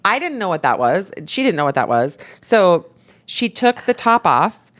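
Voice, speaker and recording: A woman co-hosts a casual podcast, spinning a story with plenty of "like" fillers. Her voice sits a bit low but leaps widely whenever she acts out a quote. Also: moderate pace. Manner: animated storyteller, acts out quotes with a jumping pitch; many "like" fillers. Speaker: podcast co-host and real estate agent.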